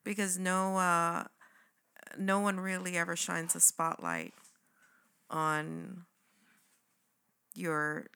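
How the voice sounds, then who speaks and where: Woman, podcast co-host, earnest, low-pitched, gravelly. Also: drawn-out words, long pauses, sharp tone. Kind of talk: casual chat.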